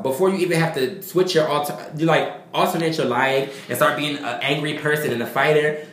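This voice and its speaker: A man's voice: fairly high pitch, a little fast, few pauses, a bit bright. A young man, talking earnestly and rambling in an emotional personal vlog, swearing casually. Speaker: vlogger. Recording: echoey room.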